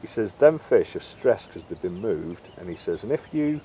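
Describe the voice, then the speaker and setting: A man's voice: lowish voice, sing-song, moderate pace, mellow, a little hiss or hum. Chatty man telling anecdotes. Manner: chatty anecdotal, acts out quoted dialogue. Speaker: interview guest, carp angler and bait maker. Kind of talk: casual storytelling interview.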